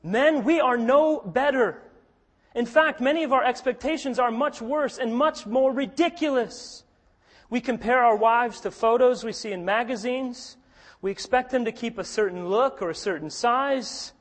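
A man with a high-pitched voice preaches with earnest conviction. He drops to a hush for stories and rises to forceful emphasis on his key points. His voice rings through a hall with a long reverb. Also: normal speed. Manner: earnest, swings between hushed storytelling and forceful emphasis. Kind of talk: sermon.

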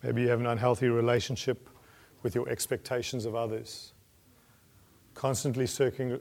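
A man preaching a sermon in an earnest manner, building to emphatic peaks and then dropping his voice low. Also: darkish tone.

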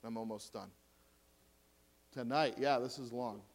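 A man preaching a sermon to a congregation, swinging between loud emphatic points and quiet asides and questions. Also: medium pitch, unhurried. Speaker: pastor.

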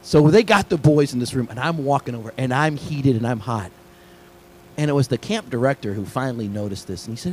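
A middle-aged man preaching a sermon, telling a story with lively swings between hushed asides and excited high points. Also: fairly quick, a little hiss or hum, low-quality recording. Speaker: pastor.

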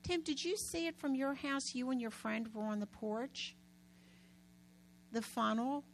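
New woman co-pastor, lively storyteller, slightly high voice, faint background hum. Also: a little slow, low-quality recording. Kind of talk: conversational preaching.

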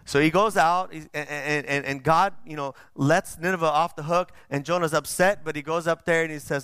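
Emphatic preacher, close dry sound. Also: male voice, on the high side, steady tone, normal speed, few pauses, fairly bright tone, smooth, no echo. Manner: conversational, emphatic, with restarts. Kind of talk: sermon.

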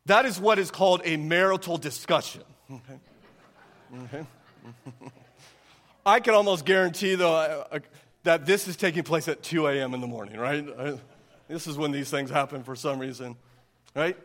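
A man's voice: a little high, normal speed, long pauses, fairly bright tone, big-room sound. A male pastor giving a sermon in a conversational way, often asking "right?" to draw in his listeners. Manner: conversational preaching with frequent rhetorical "right?".

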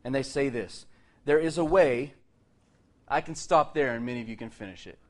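A middle-aged man preaching a sermon in a lively way, with joking asides and laughs between his points. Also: mid-range voice, moderate pace. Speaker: pastor.

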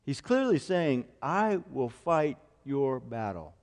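A male pastor preaching a sermon, quoting scripture at length and rising to loud, emphatic declarations. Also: medium pitch, sing-song, takes it slowly. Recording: long hall reverb.

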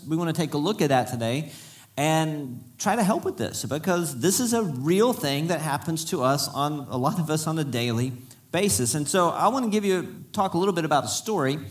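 A middle-aged man preaching a sermon to a congregation, telling stories in a folksy, self-deprecating way. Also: fairly high pitch. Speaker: pastor.

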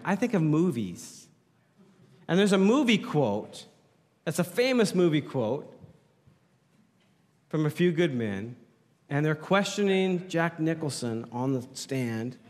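A man preaches with a lively, rising and falling voice that sits a little high for a man. He jokes and bantering with the people in front of him, speaking into a handheld mic. The sound rings out with the long reverb of a church hall. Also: a little slow, long pauses. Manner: playful, jokes with the congregation. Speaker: pastor. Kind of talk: sermon.

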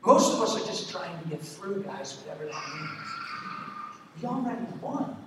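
A preacher with a slightly high voice, delivering an emphatic sermon that keeps throwing questions at the crowd. He is picked up from a distance in a large church hall with heavy echo. A steady murmur of room noise sits behind him. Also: moderate pace. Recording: echoey hall from far off.

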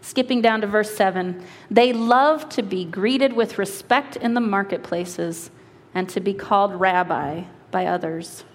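A woman lead pastor preaching a sermon and reading scripture, earnest and slowing for emphasis, with quick asides. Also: mid-range voice. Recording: long hall reverb.

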